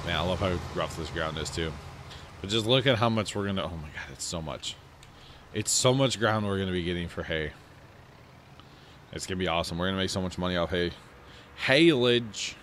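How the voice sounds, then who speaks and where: A man's voice: sits low, moderate pace, long pauses, a bit bright, slight background noise. A man casually commenting on his own farming game, rambling and mocking his own slips, sleepy after a big lunch. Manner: rambling, self-mocking, yawning. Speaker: let's play host.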